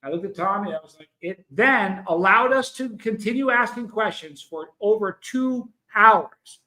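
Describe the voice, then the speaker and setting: High, bright-voiced man hosting a livestream. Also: expressive, normal speed, poor audio. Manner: emphatic storytelling, addressing viewers in chat. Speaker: livestream host. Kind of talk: casual livestream chat.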